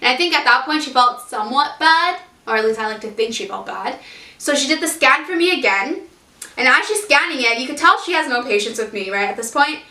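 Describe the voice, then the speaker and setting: A woman's voice: sits high, animated, fairly quick, pushed and bright. A young woman vlogging, frankly telling a personal story, chatty and casual, swearing freely and laughing often. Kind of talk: candid storytelling vlog. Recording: roomy, from a distance off the mic.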